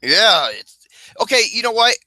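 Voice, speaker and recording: Animated, profane man co-hosting. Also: sits high, moderate pace, dry recording. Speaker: podcast co-host. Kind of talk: casual chat.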